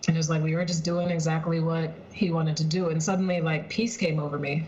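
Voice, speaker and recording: A woman's voice: sits low, level tone, quick pace, a little mellow, highs cut off, slight background noise. A woman casually telling a personal story on a video call from home, chatty and heartfelt, with lots of "like" and "um". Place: at home in her apartment, heater running.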